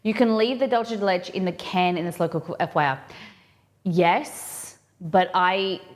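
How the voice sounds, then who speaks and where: Chatty lower-voiced woman cooking live. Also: a little slow. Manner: chatty, thinks aloud, rambling asides. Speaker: cooking stream host. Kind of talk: casual live cooking demonstration.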